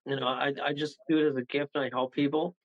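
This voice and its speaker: A man's voice: fairly high pitch, flat delivery, fast talker. Chuckling, rambling man on a lo-fi line. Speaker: medium and guest. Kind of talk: casual radio interview chat. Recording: dull lo-fi call audio.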